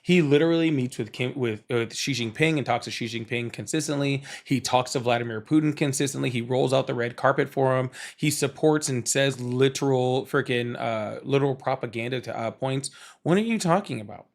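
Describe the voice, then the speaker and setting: A man's voice: medium pitch, steady tone, fairly quick, vocal fry, few pauses. A man hosting a heated political debate, arguing hard, interrupting and repeating his questions. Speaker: host.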